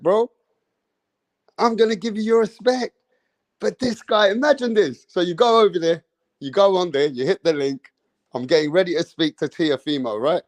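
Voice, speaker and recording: A man's voice: sits high, no room sound. A man ranting in a boastful, profane and heated way as a boxing YouTuber. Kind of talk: ranting commentary.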